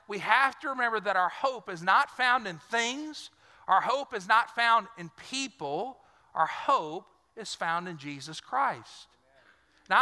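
Brief: earnest storytelling preacher, man, high voice, long church reverb. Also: bright, forceful tone. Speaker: pastor. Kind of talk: sermon. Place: church sanctuary.

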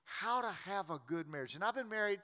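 A man, preaching a sermon as a pastor in a folksy, joking way with quick restarts. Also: high voice, animated, sharp tone. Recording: long reverb of a large hall.

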